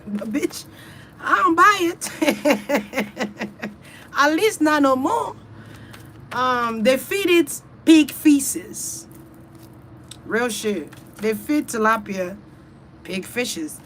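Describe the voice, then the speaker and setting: A woman's voice: sits high, very animated, drawn-out words, long pauses, a bit bright, a little hiss or hum. A woman hosting a casual, rambling chat, talking loosely and with plenty of swearing straight to her viewers. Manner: loose, profane, chatty, talks straight to her audience. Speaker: online reader and host.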